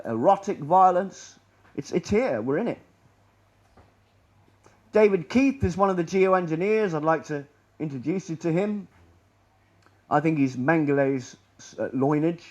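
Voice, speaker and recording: A man with a slightly raised pitch talks his way through a slideshow. He rambles and restarts, and his sarcasm runs through the whole talk. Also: lo-fi sound. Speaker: conspiracy lecturer.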